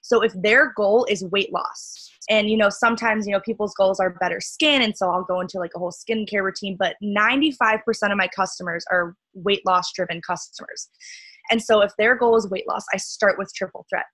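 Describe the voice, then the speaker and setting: A young woman leading a sales team call, chatty and upbeat with lots of fillers, her voice cracking and a bit hoarse. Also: medium pitch, a little fast, a bit bright, dry recording, low-quality recording.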